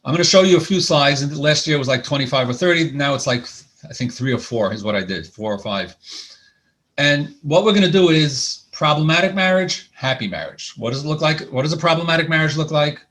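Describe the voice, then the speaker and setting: A man's voice: on the high side, animated, a little fast, a bit bright. Man lecturing with many restarts. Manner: conversational with frequent restarts and repeated words. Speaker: couples therapist. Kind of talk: lecture presentation. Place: lecture hall.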